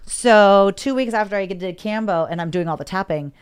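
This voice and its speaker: A woman's voice: medium pitch, moderate pace, clean tone. A woman candidly recounting a personal story as a guest, emotional and rambling, often repeating words.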